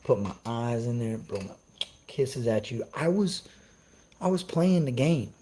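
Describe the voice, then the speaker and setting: A man's voice: medium pitch, animated, unhurried, dark tone, low-quality recording. A young man on a casual live stream, ranting brashly and cursing as he answers his chat. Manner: profane, brash, trash-talking.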